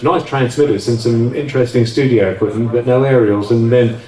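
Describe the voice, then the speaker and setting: In a steady, mid-range voice that's a little fast and a little mellow, a man interviewed on stage reminisces about his time as an offshore radio DJ. He's chatty and rambling with frequent restarts, recorded roomily by a distant mic.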